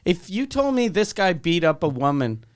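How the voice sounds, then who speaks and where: A man's voice: high-pitched, big pitch swings, normal speed. A man co-hosting a comedy podcast, chatting casually, laughing often and restarting his sentences. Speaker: podcast co-host.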